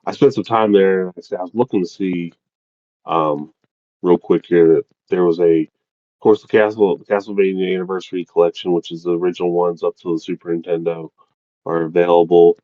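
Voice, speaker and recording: A man's voice: deep voice, fairly even intonation, dark tone, no room sound, lo-fi sound. A man co-hosting a video game podcast, talking casually with many restarts and fillers. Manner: rambling, halting restarts. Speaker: podcast co-host. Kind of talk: casual chat.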